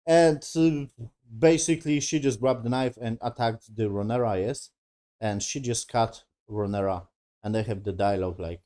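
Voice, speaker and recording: A man casually recapping and reviewing a TV episode, talking loosely and swearing, with non-native English grammar and quick mimicry of the characters. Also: on the low side, dark tone. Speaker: TV show reviewer.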